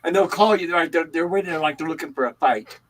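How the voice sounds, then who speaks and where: A man's voice: a little high, fast, a little hiss or hum, rough recording. Older man telling stories casually. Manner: animated storytelling. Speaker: livestream host. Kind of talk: casual chat.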